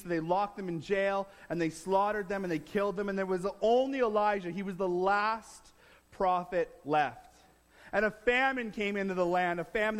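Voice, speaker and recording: A man delivers an animated sermon, dramatizing a scripture story. His voice sits high and swings from loud excitement to quiet, hushed lows. A long reverb trails each phrase, as in a large hall. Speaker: preacher.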